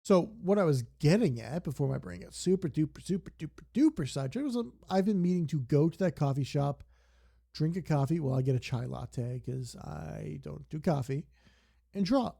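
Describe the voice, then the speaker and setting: Rambling young man with a gravelly voice. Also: fairly high pitch, expressive, moderate pace, mellow. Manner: rambling, digressive storytelling. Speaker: streamer. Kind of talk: casual stream chat while gaming.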